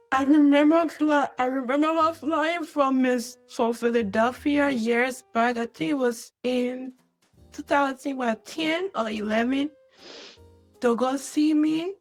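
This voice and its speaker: A woman calling in to a live stream to share a tearful, heartfelt tribute, speaking in a halting way and holding back tears. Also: sits high. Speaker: caller sharing a tribute. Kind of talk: emotional phone-in tribute.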